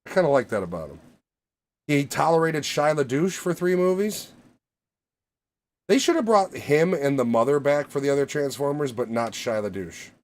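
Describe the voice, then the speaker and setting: A man's voice: fairly high pitch, expressive, normal speed. A man co-hosting a casual movie podcast, swearing freely and rambling through stories. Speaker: podcast co-host. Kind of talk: casual chat.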